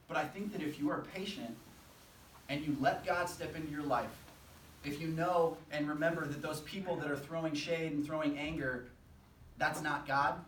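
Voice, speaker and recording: A man's voice: fairly high pitch, a bit bright, slight background noise. A young man preaching a sermon, earnest and conversational, acting out quotes as he goes. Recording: echoey room, from a distance.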